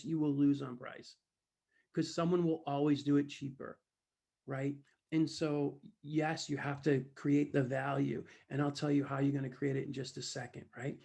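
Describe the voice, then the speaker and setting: Man, sales trainer, gravelly voice, fairly high pitch, lively storytelling talk. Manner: animated, acts out dialogue, addresses listeners directly.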